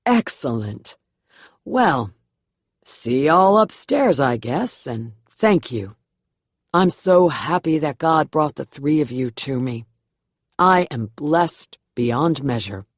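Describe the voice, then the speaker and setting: A benevolent male reverend with a slow Southern drawl, put on by a woman narrator. He speaks unhurriedly and projects his voice. The recording is dry and close. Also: sits low, lively intonation, no room sound, heavily acted. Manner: slow, drawling, calling out across a stage.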